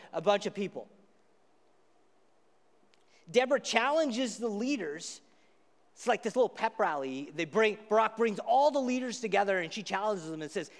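A man pastor preaching a sermon, casual and animated as he retells a story. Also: high voice. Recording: echoey hall reverb.

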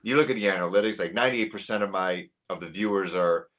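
A man from Canada in his thirties, a guest on a podcast, telling stories in a lively, animated way and acting out the people he quotes. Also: deep voice, quick pace. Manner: animated storyteller, acts out quoted voices. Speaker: podcast guest, sports YouTuber. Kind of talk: casual chat.

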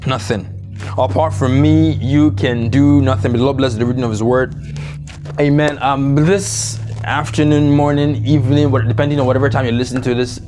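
Joking, confessional man preaching. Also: medium pitch. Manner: jokey, confessional, with slow drawn-out emphasis. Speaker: pastor. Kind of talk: sermon. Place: church service, streamed online.

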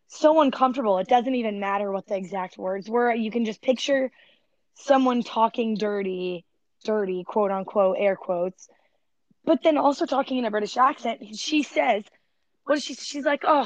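Young woman in her 20s, high-ish voice, blunt animated chat, dry muffled mic. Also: no echo. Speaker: podcast guest. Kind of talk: casual chat. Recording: dry, dull lo-fi sound.

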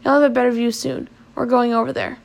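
A woman reading as a determined male treasure hunter in a storybook, rough-spoken and insistent. His voice comes across a little raised and forceful, with a gravelly edge. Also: on the high side, level tone, fast. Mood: scheming.

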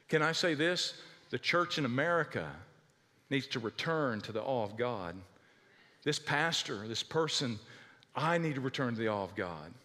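A male pastor preaching a sermon with animated, dramatic storytelling. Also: medium pitch, in a large hall.

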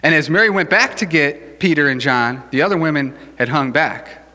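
Male pastor, relaxed joking sermon delivery, forceful tone, long hall reverb. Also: fairly high pitch, moderate pace. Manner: casual, joking, conversational preaching.

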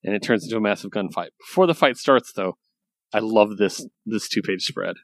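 Man, casual podcast co-host, low voice, rambling and excited, swears freely, dry close sound. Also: brisk, dry recording. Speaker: podcast co-host reviewing comics. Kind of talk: casual chat.

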